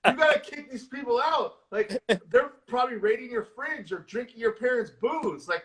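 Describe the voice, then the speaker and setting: A man co-hosting a casual horror movie chat, retelling scenes excitedly and swearing constantly. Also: very high-pitched, moderate pace, hardly any pauses. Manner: excitable, profane, storytelling with lots of swearing. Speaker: horror movie discussion co-host. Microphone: live social video stream.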